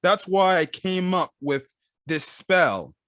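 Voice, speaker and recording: A man's voice: high voice, expressive, takes it slowly, a bit bright, clear, resonant tone, no echo, clean studio sound, voice pushed up, full character voice. A man reading out a stubborn, defiant young fighter in his own casual voice.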